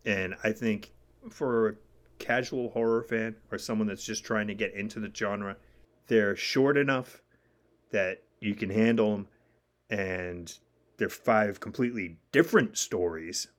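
A man's voice: lowish voice, measured pace. A man co-hosting a podcast, chatting casually and jokily about movies. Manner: animated, jokey, quotes lines in put-on voices. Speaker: podcast co-host.

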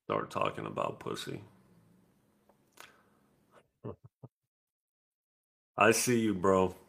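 A man's voice: deep voice, big pitch swings, very slow, creaky, a bit bright. A middle-aged man hosting a live podcast, talking in a blunt, profane, casual way. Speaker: podcast host. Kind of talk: casual live-stream chat.

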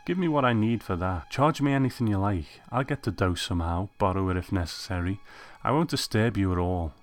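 A man voicing an ordinary young man, an eager, pushy customer who pleads and insists in an audiobook reading. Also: fairly low pitch.

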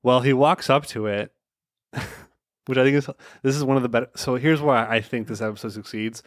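A man's voice: medium pitch, a little fast, no room sound, studio quality. A man co-hosting a podcast, rambling wryly through an anime recap and checking his notes. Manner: rambling, wry, reads from notes. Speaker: podcast co-host. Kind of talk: casual chat recapping an anime episode.

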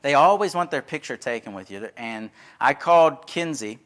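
A preacher from Texas, speaking in a folksy, conversational way. His voice sits at an ordinary middle pitch. He tells stories from the pulpit as a relaxed sermon. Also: normal speed. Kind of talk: sermon with storytelling.

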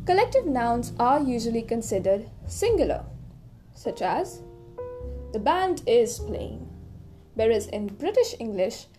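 A woman's voice: on the high side, mellow. A young woman hosting an educational podcast, reading a script in a playful, chatty way with jokey asides. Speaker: podcast host explaining English dialects.

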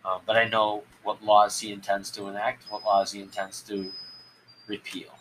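A man hosting a solo podcast, talking in a rambling, halting way with many restarts. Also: fairly low pitch, level tone, fairly bright tone, slight background noise, rough recording. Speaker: podcast host. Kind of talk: solo political commentary podcast.

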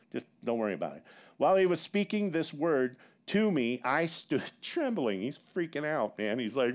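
A man preaching a sermon in an animated, conversational way, with casual asides. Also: a little high. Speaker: pastor.

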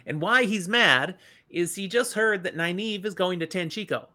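Lively bright-voiced woman podcast host. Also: on the low side, measured pace. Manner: animated retelling, playful voices in quotes. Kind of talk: casual book discussion podcast.

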